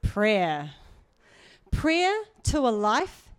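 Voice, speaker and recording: A woman's voice: mid-range voice, very animated, drawn-out words, smooth. A middle-aged woman preaching in a chatty, earnest way, with asides and laughs. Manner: conversational, earnest, laughs often, many asides. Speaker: church speaker. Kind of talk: sermon.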